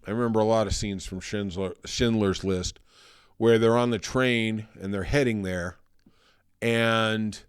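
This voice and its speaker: Low-voiced man hosting a political podcast. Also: smooth, no room sound, studio quality. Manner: conversational, thoughtful, turning somber. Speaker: podcast host. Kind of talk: solo political podcast commentary.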